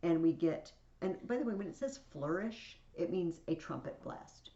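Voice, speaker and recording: A woman's voice: fairly low pitch, moderate pace, hardly any pauses, warm tone, echoey room, lo-fi sound. A woman teacher casually explaining a play to a class, with chatty asides, reading scenes aloud.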